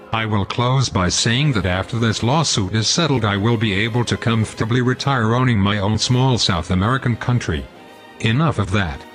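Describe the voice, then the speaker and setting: A man's voice: lowish voice, fairly bright tone. A man hosting a scripted comedy show, pompous, long-winded and sarcastic. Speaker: host.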